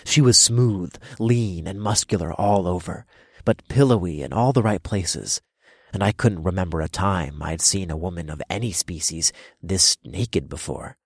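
A man narrating a first-person erotic story in low, measured storytelling. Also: slightly rough, no room sound, clean studio sound.

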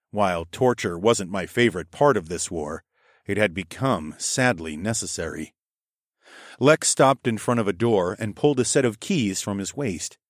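A man narrating a first-person fantasy audiobook in a measured, steady storytelling manner. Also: fairly low pitch, dry recording, studio quality.

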